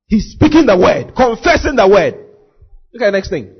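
Animated husky preacher man. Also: very high voice, fairly quick, dull audio, slight background noise. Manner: animated preaching, acting out scenes and shouting at peaks. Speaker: pastor. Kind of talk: sermon.

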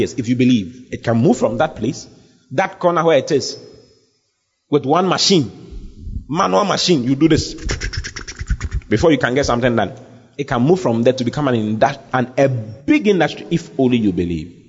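A male pastor preaches, his pitch swinging up and down as he presses his points and repeats key phrases. His voice has a husky grain. The sound is muffled and lo-fi, with a long hall echo behind every line. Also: darkish tone. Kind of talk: sermon.

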